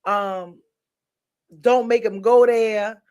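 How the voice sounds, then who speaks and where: A woman's voice: fairly high pitch, steady tone, drawn-out words, a little mellow. A tired woman runs a casual livestream and talks straight to her viewers in a loose, chatty way. She drifts from one topic to the next and sounds drowsy and half-yawning the whole time. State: sleepy, yawning. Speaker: livestream host. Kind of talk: casual live-stream chat.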